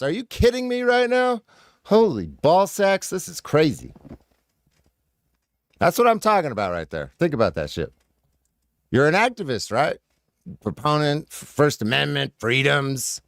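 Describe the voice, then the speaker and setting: A man's voice: a little high, very animated, a little slow, long pauses, no room sound, studio quality. A man reacting to a clip in casual commentary, profane, sarcastic and combative.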